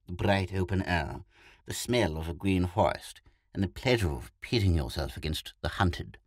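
A man with a deep voice voicing a smug, heavy-set male hunter, a former athlete, who speaks in a relaxed, persuasive way in a storybook reading. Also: moderate pace, no echo, clean studio sound. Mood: enthusiastic.

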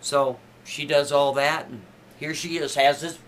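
A man telling a made-up story in a casual, chatty way, pushing his pitch up for emphasis. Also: fairly even intonation, measured pace, a bit bright, a little hiss or hum.

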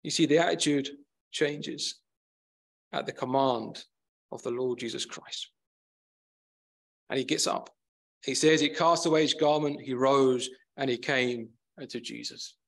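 A man's voice: medium pitch, measured pace, creaky, pauses often, fairly bright tone. A man preaching a sermon in an earnest, emphatic way, often repeating and building up his phrases.

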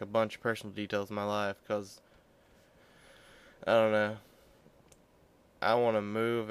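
A man's voice: on the low side, fairly bright tone, clean tone. A young man giving rambling, offhand and joking commentary while playing a video game. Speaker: gameplay commentator. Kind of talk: casual gaming commentary.

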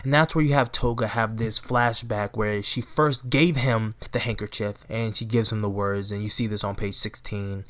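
A man's voice: on the low side, steady tone, normal speed, hardly any pauses, fairly bright tone. A man in casual recap commentary, talking straight to his viewers and often checking in with "right?" and "you know". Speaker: anime recap channel host.

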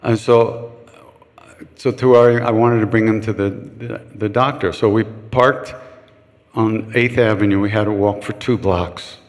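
In a retreat hall whose size gives long reverb, an older chant leader answers questions with casual, frank, joking stories for a live audience. His fairly low voice stays steady and a little slow, and he mimics the voices of people he quotes.

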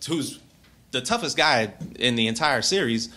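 A man's voice: mid-range voice, lively intonation, moderate pace, bright, forceful tone. A man co-hosting a podcast interview, joking and laughing often in casual banter. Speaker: podcast co-host, actor.

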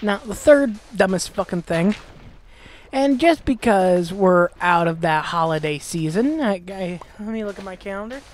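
A woman's voice: medium pitch, lively intonation, normal speed. A woman hosting a Let's Play, ranting with exasperation and lots of swearing while she plays. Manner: profane, exasperated ranting with mocking voices. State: gassy, clearing throat. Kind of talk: ranting commentary over gameplay.

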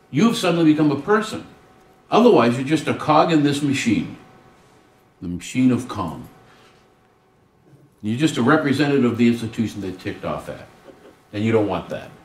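A man giving a humorous workshop talk on student service, acting out little dialogues as he goes. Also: mid-range voice. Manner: animated, acts out dialogues with humor. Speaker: guest speaker on student service. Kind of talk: workshop presentation. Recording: roomy hall, distant mic.

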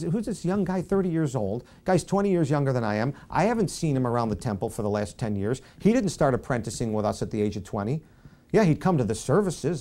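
In a mid-range voice, a man preaches a Bible-study sermon as pastor, keeping things conversational and self-deprecating while softly acting out quoted speech.

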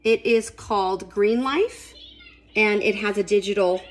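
A woman's voice: mid-range voice, unhurried, a little hiss or hum. A middle-aged woman, chatting casually to viewers while demonstrating a home recipe in her kitchen. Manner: chatty, folksy, talks straight to viewers. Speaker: home cooking vlogger.

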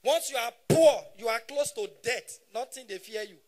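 A man in his thirties with a Nigerian Pidgin English accent, doing live stand-up comedy on stage and shouting punchlines in bursts. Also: very high voice, lively intonation, moderate pace, noisy background. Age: 30s.

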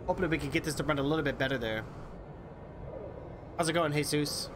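A man streaming a game with a voice that sits a touch higher than most men's. He chats loosely and keeps calling out to his viewers between moves, over a clearly noisy recording. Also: quick pace. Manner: chatty, talks straight to viewers, hypes them up. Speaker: live streamer. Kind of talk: casual gameplay commentary.

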